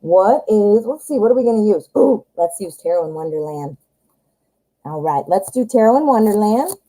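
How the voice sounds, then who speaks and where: A woman's voice: mid-range voice, expressive, moderate pace, warm tone, low-quality recording. A woman from the United States giving a casual live tarot reading, rambling and chatty, calling viewers hun and honey. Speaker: tarot reader.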